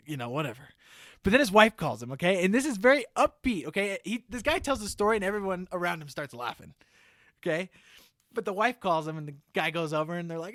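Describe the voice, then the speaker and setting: A man on a podcast pitching a movie idea like a comic storyteller, checking in with "okay?" after almost every phrase. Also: expressive, fairly quick, a bit bright, no echo, clean studio sound. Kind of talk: casual comedic pitch.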